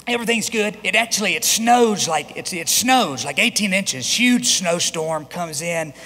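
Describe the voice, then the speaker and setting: A man's voice: high voice, lively intonation, a little slow, pushed and bright. A man in his thirties, a pastor telling a personal story in a sermon, conversational with frequent restarts. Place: church sanctuary. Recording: long reverb of a large hall.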